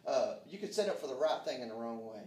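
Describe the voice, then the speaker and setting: A man preaching a sermon, fervent, calling out amen and dropping to hushed tones. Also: mid-range voice, animated, fast talker, a little hiss or hum. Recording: echoey room, mic far off.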